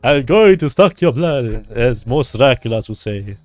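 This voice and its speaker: A man voicing a theatrical, pompous male vampire in a video game, loud and hammy. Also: lowish voice, steady tone, normal speed, no echo, soft background music, pitched below the performer's own voice, natural voice.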